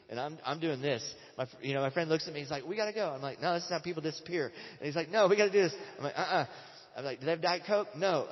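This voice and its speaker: A man's voice: mid-range voice, big-room sound, lo-fi sound. A man preaching a sermon in a casual, storytelling way, acting out the quotes. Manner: conversational storytelling with acted quotes. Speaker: pastor.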